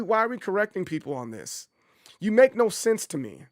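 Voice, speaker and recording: Talking fairly quickly in a high voice, a streamer hosts a loose, casual livestream, animated and rambling as he keeps circling back to repeat himself. The sound is clean studio audio with no room sound.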